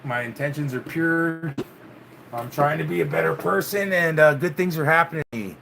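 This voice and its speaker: Bright-voiced dude vlogging loose to his viewers, says man a lot, faint hiss behind. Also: on the high side, normal speed, vocal fry. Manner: laid-back, swears, keeps saying "man". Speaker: channel host. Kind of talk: casual vlog chat with live viewers.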